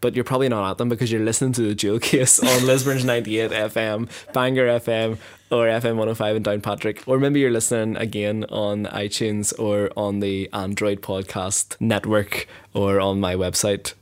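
A man's voice: on the low side, level tone, moderate pace, clear, resonant tone. Chatty radio host man. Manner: chatty, laughs easily. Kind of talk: casual radio chat.

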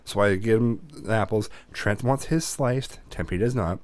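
Low-voiced man telling rambling stories. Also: unhurried, no echo. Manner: rambling storytelling, swears freely. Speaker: podcast co-host. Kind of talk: casual chat.

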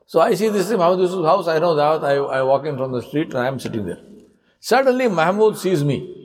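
A man's voice: fairly high pitch, expressive, fast talker, a little hiss or hum, poor audio. A man giving a sermon in a mosque, telling stories and asking rhetorical questions. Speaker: preacher.

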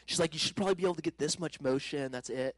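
Guy preaching his testimony, kinda high voice, super dry sound, gets loud and excited telling the story. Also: very fast, no echo, rough recording. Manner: animated storytelling, bursts of shouting and laughter. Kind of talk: sermon testimony.

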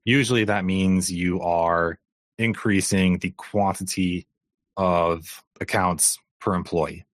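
A man co-hosting a podcast, asking questions in a measured, deliberate way. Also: low voice, steady tone, no echo, clean studio sound. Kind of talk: podcast interview.

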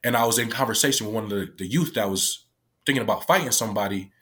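A man's voice: fairly low pitch, fast, fairly bright tone. Man telling a story, loose and profane. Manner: loose, profane, full of "like" fillers. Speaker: youth worker. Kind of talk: casual storytelling.

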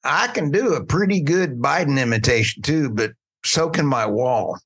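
A man's voice: medium pitch, animated, moderate pace, a bit bright, slightly rough. Wry man co-hosting a podcast. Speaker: podcast co-host. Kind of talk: casual podcast chat.

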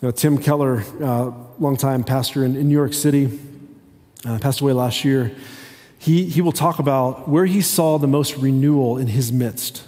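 A man giving a conversational sermon as a pastor, talking haltingly with many restarts. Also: medium pitch, warm tone. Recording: long hall reverb.

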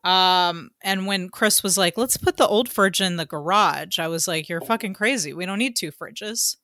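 A woman's voice: lowish voice, normal speed, bright, forceful tone, no echo, clean studio sound. A woman co-hosting a casual podcast, chatty and loose, with lots of ums and the odd swear word. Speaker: podcast co-host. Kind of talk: casual chat.

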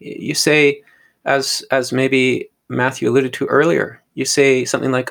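A man's voice: mid-range voice, level tone, a little slow, gravelly, fairly bright tone. A man teaching on a podcast in an earnest, sermon-like way, often stumbling and repeating words. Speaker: podcast co-host teaching on scripture.

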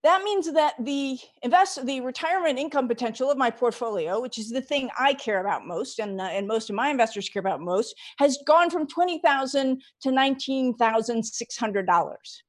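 A middle-aged woman with a somewhat high-pitched voice answers interview questions as a financial advisor. She explains her reasoning methodically, leaning on key figures with emphasis. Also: expressive, normal speed, few pauses. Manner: walks through figures step by step, emphatic.

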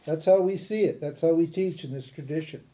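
A man teaching a class as a spiritual teacher in an informal lecture, animated and chatty, laughing often and restarting his sentences. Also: fairly high pitch, fairly quick.

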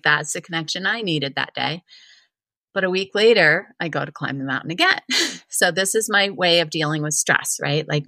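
A middle-aged woman from Vermont, a wellness coach telling a personal story in a chatty interview, full of "like" and animated retellings. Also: low voice, no room sound. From Vermont, USA. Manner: chatty, heavy use of filler "like", animated retelling.

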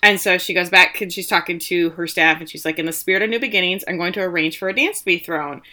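A woman chatting through a TV episode recap in a relaxed, conversational way, her voice bright and forward. She slips into quick character voices when quoting lines, and her pitch sits a little low for a woman. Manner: animated, quotes characters in lively voices. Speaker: podcast co-host recapping a TV episode. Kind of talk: casual chat recap.

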